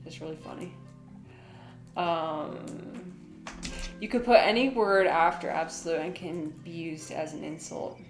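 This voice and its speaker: A woman's voice: on the low side, steady tone, measured pace, reverberant, music in the background. A woman chatting casually on a live stream, giggling and rambling with lots of fillers.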